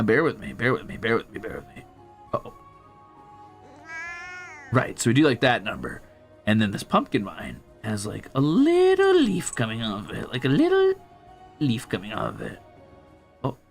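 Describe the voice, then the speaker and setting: A man's voice: mid-range voice, gravelly, fairly bright tone. A man streaming while he draws, chatting casually and rambling, muttering to himself and teasing his cat. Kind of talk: casual chat while drawing.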